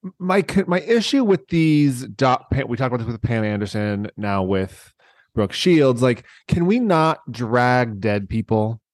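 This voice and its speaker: A man co-hosting a podcast, chatting casually and joking with quick laughs. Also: mid-range voice, lively intonation, dry recording, studio quality. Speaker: podcast co-host. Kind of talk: casual chat.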